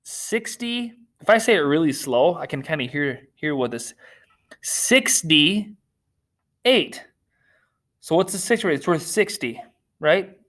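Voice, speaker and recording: A man's voice: on the high side, animated, a little fast. A man teaching a recorded remote math lesson to children, upbeat, cracking corny jokes and teasing himself, talking through a screen share.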